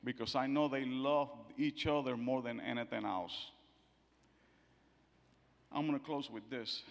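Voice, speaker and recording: A middle-aged man speaks at a funeral, telling stories about his daughter and putting on the voices in them. His voice sits at an ordinary middle pitch and rings out with a long reverb in a church sanctuary. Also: a little slow, vocal fry. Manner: storytelling, acting out quotes, swings from soft to loud. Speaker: father giving a eulogy. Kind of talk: funeral eulogy with family stories.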